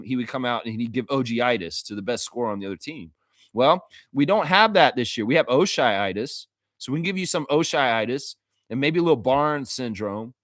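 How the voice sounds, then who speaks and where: A man hosting a casual live-stream sports show for fans, reading chat comments aloud, animated and profane, laughing often. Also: medium pitch, no room sound, studio quality. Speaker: fan show host.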